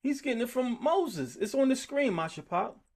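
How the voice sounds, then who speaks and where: With an extremely high-pitched voice at a normal speed, a man runs a group Bible study. He grows worked up, speaking with animation and emphasis.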